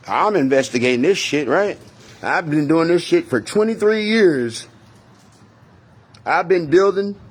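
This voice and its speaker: A man's voice: fairly high pitch, slightly rough. A man from Texas with a Texan accent, telling a story to viewers in a heated, rambling, profane way and often repeating himself.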